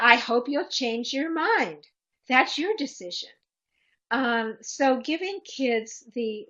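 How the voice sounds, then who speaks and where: Bright-toned woman giving safety advice. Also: a little high, lo-fi sound. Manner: practical, instructive, demonstrates commands aloud. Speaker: presenter answering questions. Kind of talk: webinar Q&A answer.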